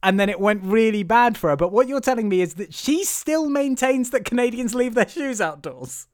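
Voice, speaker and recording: A man's voice: very high-pitched, fairly quick. A man hosting a podcast in casual chat, teasing his co-host and breaking into laughter. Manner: laughing, stammering restarts, teasing.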